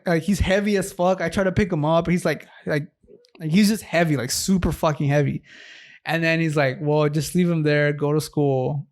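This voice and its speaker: A man's voice: on the high side, steady tone, brisk, darkish tone. Swearing young man rambling through a story. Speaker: podcast co-host. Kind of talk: casual chat.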